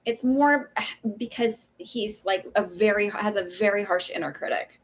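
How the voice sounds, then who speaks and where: A woman's voice: medium pitch, a little slow. A woman in her thirties doing a live psychic reading, answering viewer questions in a casual, hesitant way with many fillers and friendly asides. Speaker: psychic reader on a livestream.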